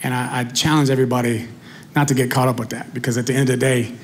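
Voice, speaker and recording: A man performing stand-up comedy, telling an animated story to the crowd on a club stage. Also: medium pitch, fast.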